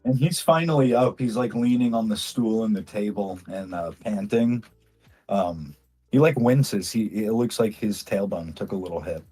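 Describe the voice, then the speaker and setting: A man's voice: on the low side, normal speed, dark tone, breathy edge, faint music behind. A man narrating as game master in a casual, chatty way, often laughing.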